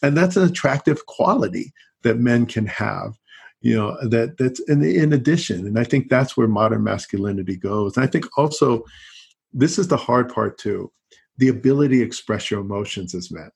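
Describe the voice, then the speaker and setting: A man's voice: mid-range voice, lively intonation, normal speed, gravelly, slightly rough. A middle-aged man, a college teacher, talking as a guest in an easygoing, rambling interview. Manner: rambling, peppered with "you know, and so on". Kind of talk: conversational interview.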